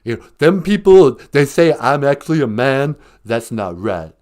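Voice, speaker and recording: A man's voice: medium pitch, sing-song, moderate pace, darkish tone, natural voice. A man voicing a famous first lady in a comic impression, sassy and blustering, threatening to fight her critics. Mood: indignant.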